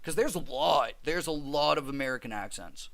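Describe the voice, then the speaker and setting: A man's voice: a little high, normal speed. Guy streaming a game and reading chat, bouncy voice that jumps all over, laughs a lot. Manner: animated, laughs often, chatty with viewers.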